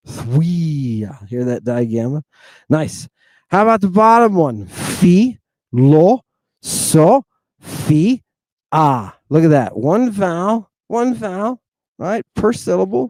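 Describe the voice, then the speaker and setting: A man teaching a pronunciation lesson, breaking words into syllables, repeating them slowly and praising with delight. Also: medium pitch, warm tone, no room sound.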